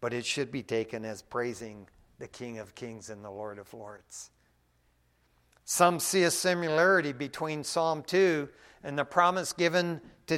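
Male preacher, fairly high-pitched, casual and folksy, quiet one moment, loud the next. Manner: casual and folksy, often adds "man", swings from quiet to loud. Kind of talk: conversational sermon.

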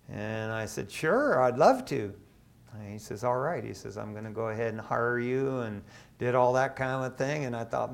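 A middle-aged man from Michigan, an associate pastor, preaching a sermon in a casual, storytelling way with lively asides. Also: mid-range voice, normal speed, vocal fry. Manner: conversational, animated storytelling with asides.

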